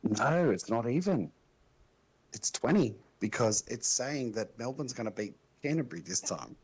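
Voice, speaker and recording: Husky, lively-pitched man. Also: normal speed, rough recording. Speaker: podcast co-host. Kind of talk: casual chat.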